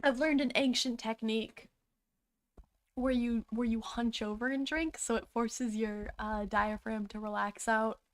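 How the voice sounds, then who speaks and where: A woman's voice: fairly high pitch, a little slow. Chatty young woman streamer with hiccups. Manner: chatty, excitable, swears casually. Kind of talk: casual livestream reaction.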